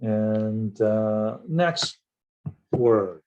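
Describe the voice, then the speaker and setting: A middle-aged man teaching vocabulary in an unhurried, measured way, with a low, mellow voice. He explains word roots and spells each word out letter by letter. He keeps checking in with "right?" and fills his pauses with "uh". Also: lively intonation, highs cut off. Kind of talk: recorded vocabulary lesson.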